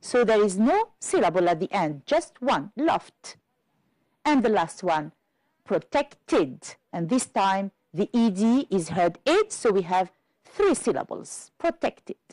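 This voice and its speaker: A woman from Algeria teaching an English exam-prep lesson on television, explaining carefully and slowly. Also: mid-range voice, sing-song, darkish tone, dry recording, poor audio. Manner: slow, careful classroom explanation.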